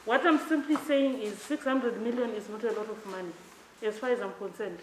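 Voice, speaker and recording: A woman from Zimbabwe, a development bank official giving a measured, emphatic formal speech. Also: fairly high pitch, slight background noise. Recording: echoey hall with faint ambience.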